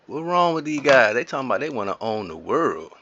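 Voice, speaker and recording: A man's voice: mid-range voice, very animated, brisk, fairly bright tone, muffled recording. A man giving casual gameplay commentary as a YouTuber, playful and silly while trash-talking other players. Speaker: gaming YouTuber.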